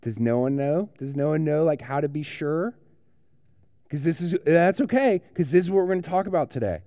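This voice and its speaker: A man's voice: a little high, animated, a little fast, dark tone, no room sound. A man, a pastor giving a playful, joking children's sermon in a conversational way.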